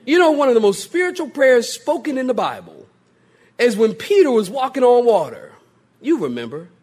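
Animated, husky-voiced pastor. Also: male voice, very high-pitched, moderate pace. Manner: humorous, animated, mimics voices for laughs. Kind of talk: sermon.

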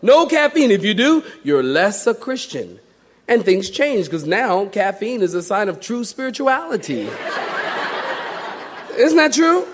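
A man's voice: high voice, very animated, slow, a little hiss or hum. A man preaching a sermon as pastor, joking and acting out the people he quotes. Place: church.

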